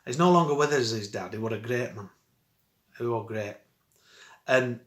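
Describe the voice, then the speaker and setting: A man's voice: on the low side, moderate pace, long pauses, a bit bright. Man telling a rambling story. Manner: rambling, chuckling, dialect speech. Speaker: vlogger. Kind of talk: casual storytelling. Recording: roomy echo.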